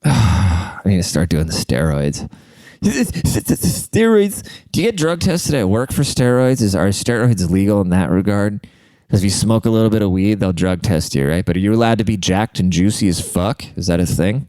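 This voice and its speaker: Man, podcast host, rambling and profane, smooth warm low voice, dry close sound. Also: moderate pace, dry recording. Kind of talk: solo podcast monologue.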